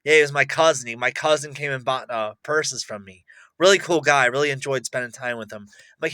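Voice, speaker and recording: A young man rambling boastfully to camera, excitable, swinging between loud bursts and mutters. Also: mid-range voice, brisk. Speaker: vlogger.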